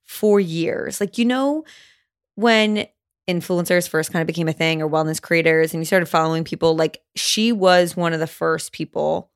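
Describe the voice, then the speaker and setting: An American woman hosting a podcast, gushing and excitable in casual chat. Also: low-pitched, smooth, no echo, clean studio sound. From United States. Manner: gushing and excitable, quick asides. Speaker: podcast host.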